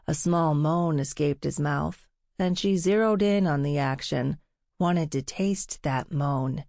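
Slow, low-voiced woman narrating. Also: gravelly, a little mellow, no room sound, clean studio sound. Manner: measured, unhurried reading. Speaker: audiobook narrator. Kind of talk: scripted narration.

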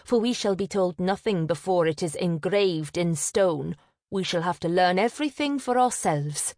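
A woman's voice: on the low side, lively intonation, normal speed, a little mellow, no room sound, studio quality. A woman voicing a proud, vain eldest sister who speaks sharply and impatiently. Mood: insistent.

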